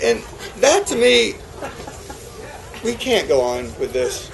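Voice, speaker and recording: A New England farmer speaking at a conference has a high, sing-song, gravelly voice, moving slowly and pausing often. He talks passionately about farming before a live audience, throwing out rhetorical question after rhetorical question, on a rough recording with a bit of hiss or hum.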